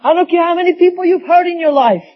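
A man's voice: very high voice, fast talker. A man preaching a sermon, telling folksy stories with acted quotes. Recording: dull lo-fi sound.

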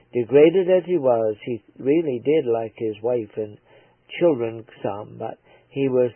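Husky preacher telling an earnest story. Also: male voice, medium pitch, dry recording. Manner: earnest, slow and halting. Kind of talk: storytelling sermon on radio. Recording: tinny lo-fi radio broadcast.

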